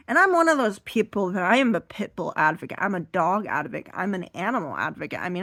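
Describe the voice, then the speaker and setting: A woman telling a rambling, self-deprecating stand-up story while seated, now and then bursting into loud high acted voices, her voice a little strained. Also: very animated, fairly quick, no echo. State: strained voice from being too loud. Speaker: stand-up comedian.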